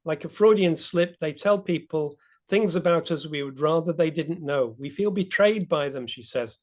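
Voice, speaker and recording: A man with a high voice leads a group talk over a video call. He is chatty and rambles a little, with easy laughs. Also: normal speed. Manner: chatty, meandering, light laughs.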